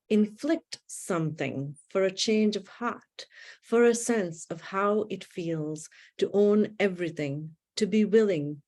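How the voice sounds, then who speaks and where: A woman reading her own poetry aloud in measured, deliberate phrases with long pauses, over a livestream video call. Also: fairly low pitch, a little mellow. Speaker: poet reading her work. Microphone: video call setup.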